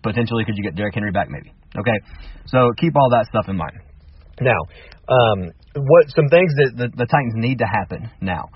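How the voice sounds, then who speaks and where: A man hosting sports talk radio, heated and argumentative, peppering the listener with rhetorical questions. His voice is a touch husky and dry, heard from a slight distance on a dull, muffled line. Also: medium pitch, no room sound. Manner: animated, argumentative, rapid-fire rhetorical questions.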